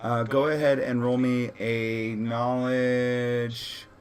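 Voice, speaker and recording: A man's voice: mid-range voice, little pitch movement, takes it slowly. A man running a tabletop role-playing session as game master, casual and laughing, often correcting himself.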